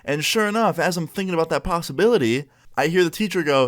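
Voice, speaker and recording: A man's voice: medium pitch, a little fast, hardly any pauses, fairly bright tone. A young man telling a school story in a casual, profane way with lots of filler words.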